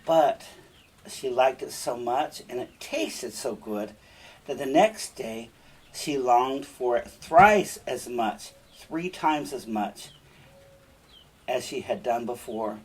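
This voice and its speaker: A man with a slightly husky voice reads a fairy tale and breaks off to talk through its lessons. He speaks unhurriedly and in a conversational tone, asking questions as he goes. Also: medium pitch, lively intonation, takes it slowly, darkish tone, rough recording. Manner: stops often to explain and question, conversational. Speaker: storyteller and teacher. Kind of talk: fairy tale reading with moral commentary.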